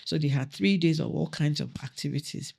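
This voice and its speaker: A woman's voice: sits low, brisk, vocal fry, slightly rough. A middle-aged woman guest, from Nigeria, telling stories in a podcast interview and acting out the dialogue she quotes. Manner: animated storyteller who acts out quoted dialogue.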